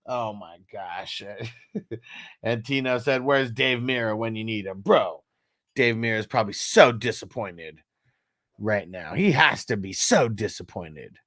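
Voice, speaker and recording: On his relaxed fantasy football livestream, the host reads viewers' chat comments aloud, cracking jokes, cursing, and laughing often in an animated, profane style. He has a mid-range voice and talks a little slowly, with clean studio sound and no echo.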